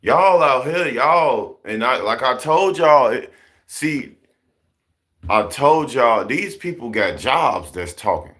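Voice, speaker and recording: A man's voice: mid-range voice, slow. A man, giving casual, preachy commentary, repeating himself and firing rhetorical questions. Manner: animated, repetitive, rhetorical questions. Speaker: commentary vlogger.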